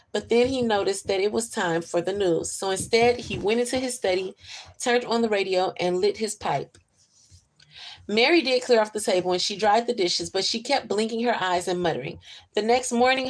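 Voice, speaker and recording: A woman reading a children's book aloud in a gentle, even storyteller's manner, with small slips. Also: medium pitch.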